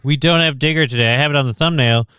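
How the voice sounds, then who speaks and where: A fast-talking man with a fairly high, sharp yet smooth voice hosts a casual livestream. He sounds tired and short of breath as he rambles, interrupts himself, and reads the chat out loud. It's studio quality with no echo.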